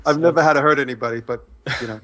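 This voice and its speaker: A man co-hosting a podcast, telling a long, rambling story in casual chat, his voice jumping up in pitch when he gets excited. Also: very fast. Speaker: podcast co-host.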